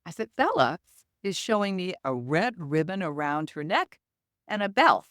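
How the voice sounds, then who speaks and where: Animated woman telling anecdotes. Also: fairly low pitch, normal speed, no echo, studio quality. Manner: animated, acts out quoted dialogue. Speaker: medium, podcast guest. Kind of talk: anecdotal storytelling in an interview.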